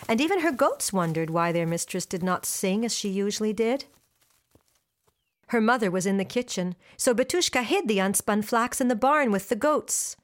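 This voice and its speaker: A woman storyteller telling a folktale aloud in an expressive, animated way. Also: medium pitch, normal speed. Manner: expressive, animated, switches into character voices.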